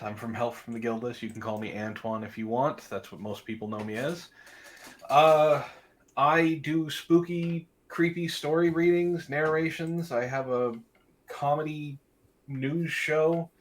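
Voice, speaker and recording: A man appearing as a guest on a casual podcast, speaking in a relaxed, hesitant way. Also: medium pitch. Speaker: guest, story narrator. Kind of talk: casual chat.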